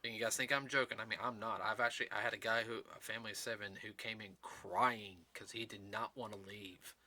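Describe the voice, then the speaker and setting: A man hosting a casual talk show, speaking in an earnest, rambling way with halting restarts. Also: on the low side, steady tone, bright, forceful tone. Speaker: host. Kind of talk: casual chat.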